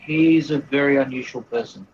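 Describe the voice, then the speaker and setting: A man's voice: medium pitch, normal speed, a little mellow, muffled recording, faint music behind. A man playing a tabletop game, speaking politely and hesitantly with many ums. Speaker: player. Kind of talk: casual tabletop game play.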